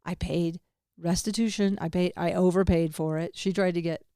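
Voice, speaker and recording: A woman's voice: fairly low pitch, steady tone, moderate pace, dark tone, smooth, dry recording, clean studio sound. A woman hosting a podcast, talking through a personal story in a candid, rambling way, swinging between laughter and grief and swearing casually. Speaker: podcast host. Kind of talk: personal monologue.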